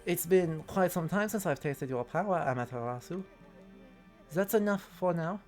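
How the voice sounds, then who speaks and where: A man voicing a vain, flamboyant male swordsman prophet in a deliberately awful fake French accent, reading with mock grandeur. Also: high voice, animated, darkish tone, faint music behind. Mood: haughty. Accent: exaggerated fake French. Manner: theatrical, mock-grand reading of game lines.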